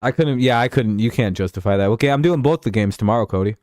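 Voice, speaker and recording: A man's voice: mid-range voice, quick pace, darkish tone, no room sound, studio quality. A young man hosting a live stream, chatting casually about football in a rambling, profane way and reading out chat messages.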